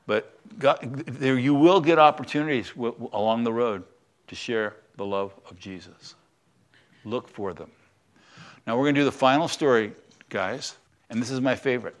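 Older pastor, chatty teaching sermon. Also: male voice, medium pitch, moderate pace. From United States. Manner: conversational teaching, asks the congregation questions.

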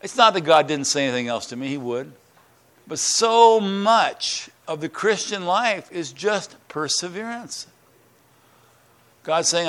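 A middle-aged man preaching a sermon in church, earnest and emphatic, repeating words and rising in pitch on key lines. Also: expressive, a little slow, a bit bright. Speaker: pastor. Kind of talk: sermon and prayer.

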